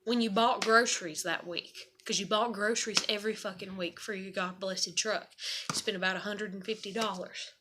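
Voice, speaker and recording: A young vlogger vents about her marriage and her struggles in an emotional rant, swearing and sometimes sounding shaky and near tears. Her voice is medium in pitch with a steady tone, she speaks at a normal speed, and there's background noise.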